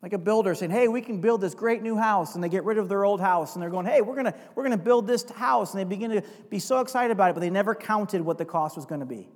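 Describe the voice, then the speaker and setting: A man preaching a sermon, building to emphatic runs and dropping to quiet confessional asides, and reading scripture aloud. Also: high-pitched, fast, hardly any pauses. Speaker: pastor. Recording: long hall reverb.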